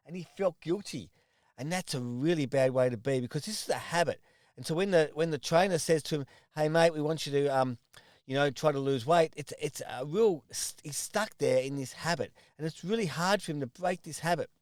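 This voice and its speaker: Earnest Australian trainer, fairly high voice. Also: male voice, darkish tone, dry recording, studio quality. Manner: earnest, repetitive, with restarts and acted asides. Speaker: personal trainer. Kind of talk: motivational talk to camera.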